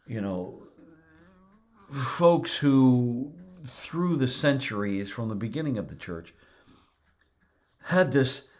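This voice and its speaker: A middle-aged male pastor delivers a sermon in a mid-range voice. He sounds earnest and deliberate, repeating words to drive his points home.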